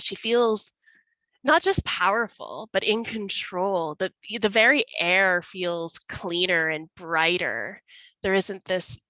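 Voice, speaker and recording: A woman tells a dark tabletop game scene slowly and dramatically, lingering on vivid detail. Her voice is bright and forward. The recording is dry with a slightly dull, lo-fi sound. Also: lowish voice, no room sound. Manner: slow, vivid, dramatic storytelling. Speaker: player.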